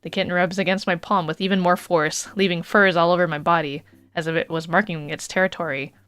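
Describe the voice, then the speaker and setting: A woman's voice: lowish voice, steady tone, fairly quick, fairly bright tone, clean tone, dry recording, soft background music. Playful woman reading a game aloud. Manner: playful, laughs between lines. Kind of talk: reading a dating game aloud with casual asides.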